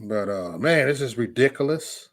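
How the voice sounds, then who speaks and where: Heated and profane, a livestream host lashes out at his critics while reading live chat, stammering and restarting and going over the same points again. He talks at normal speed in a medium-pitched, expressive voice.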